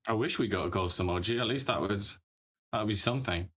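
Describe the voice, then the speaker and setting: A man's voice: lowish voice, fairly quick, fairly bright tone, breathy edge. A man co-hosting casual political commentary, adding wry, jokey asides. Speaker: podcast co-host.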